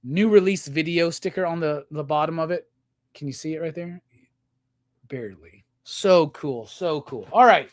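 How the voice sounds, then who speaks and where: A man hosting a live stream, unboxing gifts and gushing with loud, profane excitement. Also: a little high, moderate pace, dry recording, studio quality. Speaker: live show host.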